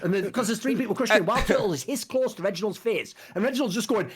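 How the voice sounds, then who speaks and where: A man's voice: high voice, fast, breathy edge. A man co-hosting a casual esports podcast, telling stories animatedly with impressions and swearing. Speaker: podcast co-host.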